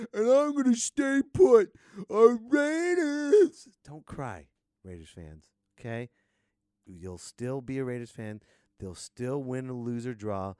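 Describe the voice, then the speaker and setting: A man hosting a podcast in a sarcastic, rambling comic rant that swings from low mutters to loud outbursts. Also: dry recording, clean studio sound. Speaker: podcast host.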